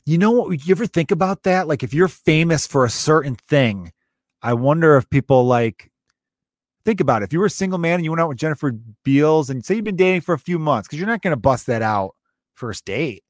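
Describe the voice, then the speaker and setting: A man's voice: a little high, fairly quick, dry recording, studio quality. A man, a stand-up comic chatting and telling stories in a loose, joking way. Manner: animated storyteller, swears freely. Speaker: stand-up comedian and podcast co-host. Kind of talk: casual comedic chat.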